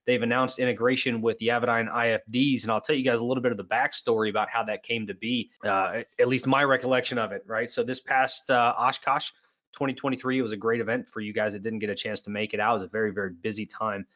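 A man's voice: medium pitch, fairly even intonation, quick pace, fairly bright tone, muffled recording. A man hosting an online product webinar, talking casually with lots of fillers and restarts. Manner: chatty, many fillers and restarts. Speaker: webinar host. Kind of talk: casual presentation.

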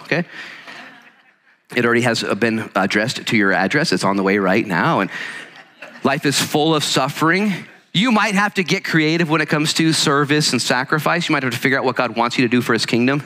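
Male pastor, sermon; bright tone, energetic conversational delivery, acts out quotes. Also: mid-range voice. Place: church sanctuary. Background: congregation present.

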